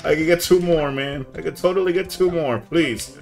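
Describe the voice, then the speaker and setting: A young man chatting casually on a live gaming stream, laid-back and saying "man" a lot, yelling now and then at the game. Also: a little high, moderate pace, creaky, faint music behind.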